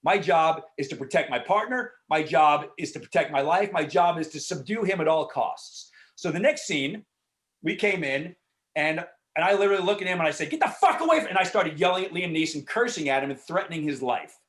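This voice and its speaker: A man, an actor, answering questions in a casual Q&A over a video call, frank and animated, swearing freely and filling talk with asides. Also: fairly high pitch, a little fast. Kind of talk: casual Q&A storytelling.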